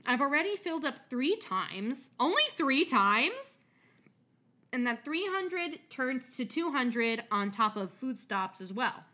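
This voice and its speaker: A woman with a slightly high voice reads a story aloud on a podcast. She keeps it casual and chatty, swears freely and laughs at her own asides. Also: sharp tone.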